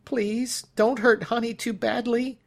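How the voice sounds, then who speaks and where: A man's voice: extremely high pitch, little pitch movement, slow, gravelly, voice pushed up, exaggerated voice. A man voicing a fussy old male judge who whines in a childish voice and barks when angry. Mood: plaintive. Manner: plaintive and petulant, snapping into barking.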